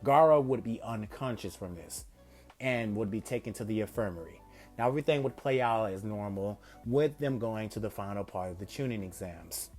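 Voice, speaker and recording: Excitable man narrating a fan story. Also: fairly low pitch, moderate pace, soft background music. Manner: excitable, stumbles and corrects himself. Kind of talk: casual fan-fiction narration.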